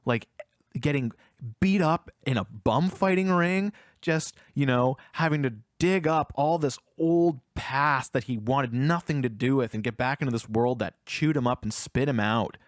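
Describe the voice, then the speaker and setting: A man co-hosts a casual film review podcast at an ordinary middle pitch. He walks through scenes at length and acts out each character's lines. His voice sits dry and close to the mic, with no room sound. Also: measured pace, dry recording. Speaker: podcast co-host.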